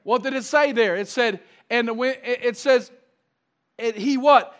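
A man's voice: extremely high pitch, measured pace, fairly bright tone. A pastor preaching a sermon. He often asks the congregation questions and builds emphasis through repetition.

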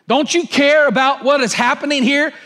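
A harried woman left with all the work, wistful one moment and exasperated the next, as a preacher puts her on. The voice is high, and it drops lower when she complains. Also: normal speed, a bit bright. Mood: indignant. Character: busy, fed-up woman complaining she works alone.

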